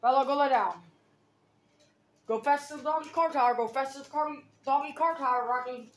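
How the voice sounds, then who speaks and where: A woman's voice: sits high, normal speed, reverberant, slight background noise. A woman filming her dogs at home, coaxing and scolding them between commands. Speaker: dog owner filming her pets. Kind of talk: casual home vlog narration. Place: home, near a kitchen.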